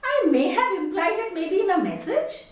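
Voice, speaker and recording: Expressive high-voiced Indian woman trainer. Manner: expressive, stresses words deliberately. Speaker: communication trainer. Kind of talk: spoken lesson. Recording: echoey room, distant mic.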